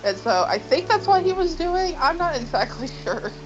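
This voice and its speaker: A woman chatting casually on a stream, sarcastic and quick to laugh. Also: high-pitched, very animated. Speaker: streamer co-host. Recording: dull lo-fi stream audio with music.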